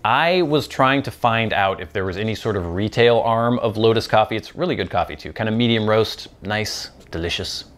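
Relaxed, lower-voiced man chatting. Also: normal speed, hardly any pauses. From Pacific Northwest of the US. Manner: relaxed, chatty and self-deprecating. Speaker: host. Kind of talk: casual chat while smoking a pipe.

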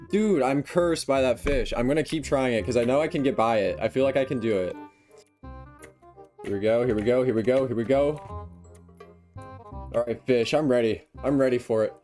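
An excitable young man talks through his game session, joking at his own expense and yelping whenever he slips up. His voice sits at an ordinary middle pitch, and faint music plays behind him. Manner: excitable, self-mocking, yelps when failing. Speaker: gaming YouTuber. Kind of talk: casual gameplay commentary.

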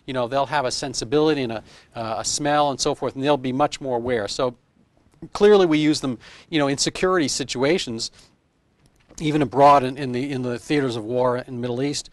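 A man in his fifties, a physician, talks a little fast in a medium-pitched voice with no room sound during a casual interview. His explanations ramble and lean on homespun analogies.

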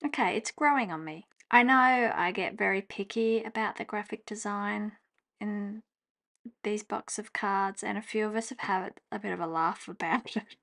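Chatty woman, gravelly edge. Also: medium pitch, normal speed. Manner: chatty, laughs often, breaks into excited exclamations. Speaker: journaling vlogger. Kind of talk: casual chat while journaling. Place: home desk.

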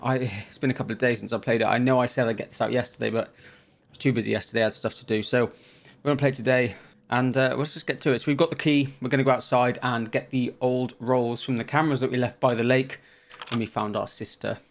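A man's voice: medium pitch, steady tone, quick pace, vocal fry. A man hosting a gaming channel, chatting through a let's play in an easygoing way and thinking aloud as he goes.

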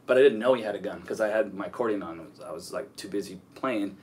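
A man telling stories as an interview guest, profane and rambling, with lots of halting restarts. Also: lowish voice, darkish tone. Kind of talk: casual storytelling interview.

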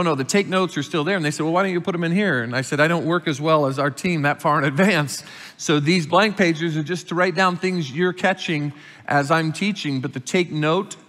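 A middle-aged man preaching a sermon as pastor, explaining scripture calmly and lifting his voice when reading verses aloud. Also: on the high side. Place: church sanctuary. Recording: reverberant church hall.

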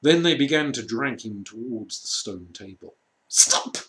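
A man reading a children's storybook aloud, slow and measured with dramatic pauses. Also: mid-range voice, expressive, fairly bright tone. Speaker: reader.

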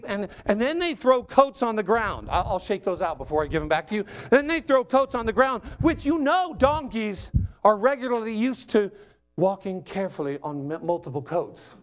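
A male guest preacher gives a lively sermon in a chatty, humorous style. His voice sits notably high. He talks to the congregation as if telling a story among friends. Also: moderate pace. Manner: animated, joking, conversational.

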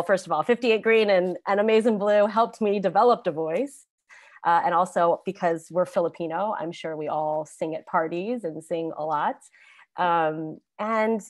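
A woman's voice: mid-range voice, a little mellow, dry recording, clean studio sound. A woman on a webinar panel casually telling her career story, chatty and loose with lots of fillers and restarts, over a video call. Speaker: alumni panelist.

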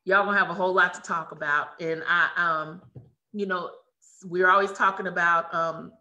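Bright, excited woman hosting a webinar. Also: lowish voice, normal speed, dull audio. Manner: excited, effusive, many restarts. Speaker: webinar host. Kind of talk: live webinar chat. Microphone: video call.

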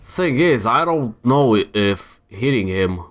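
Young man, gameplay commentary, animated swooping voice, casual, thinks out loud. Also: medium pitch, unhurried. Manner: casual, talks to himself, exasperated outbursts. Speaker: gamer. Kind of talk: let's-play commentary.

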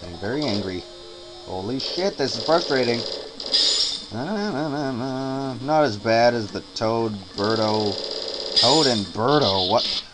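A man's voice: mid-range voice, lively intonation, unhurried, low-quality recording. Tired, cursing young man playing a game. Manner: frustrated, swearing, hums and mutters to himself. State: tired, up all night. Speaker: let's player. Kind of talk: casual gameplay commentary. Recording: game music loud underneath. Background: game music.

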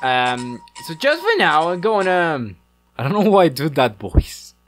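A man giving playful, rambling let's-play commentary in a deliberately bad put-on British accent, mocking himself as he goes. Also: a little high, very animated, a bit bright. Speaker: gamer.

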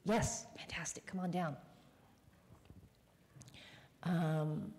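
A woman author casting audience volunteers for a live reading, friendly and quick to laugh. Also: sits low, steady tone, darkish tone. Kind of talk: casual talk to a live audience. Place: public library event room. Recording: long hall reverb.

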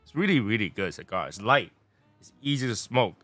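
A man talks through a casual review, rambling and playful. His voice is bright and dry, close to the mic. Faint music plays under him. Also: on the low side, animated, fairly quick, dry recording. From Taiwan. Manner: chatty, rambling, playful tangents. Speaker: cigar and spirits reviewer.

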